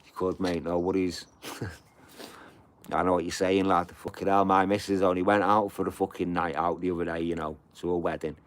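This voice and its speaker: Speaking at a moderate pace in a low-pitched, flat voice, this middle-aged man streams live from home. His casual chat with viewers rambles, includes swearing, and is stuffed with "you know" on every line.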